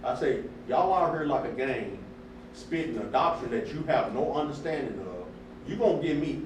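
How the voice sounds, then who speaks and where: A man's voice: mid-range voice, animated, moderate pace. A man from a church group heatedly retelling a scripture debate, acting out both sides with emphatic outbursts. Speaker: church member recounting a debate. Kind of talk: animated storytelling in group talk. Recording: echoey room, mic far off, faint noise.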